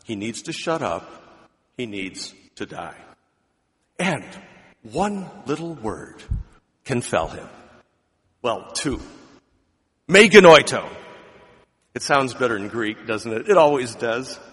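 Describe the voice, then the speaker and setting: A man preaching a sermon, emphatic, swinging between loud declarations and quiet asides. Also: mid-range voice, animated, slow, pauses often, long reverb tail. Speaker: pastor.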